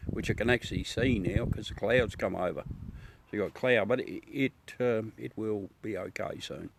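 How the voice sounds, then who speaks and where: A man's voice: on the low side, moderate pace, creaky. Blunt, swearing Australian man. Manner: blunt, swears freely, rants. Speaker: livestream host. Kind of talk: casual chat with live viewers.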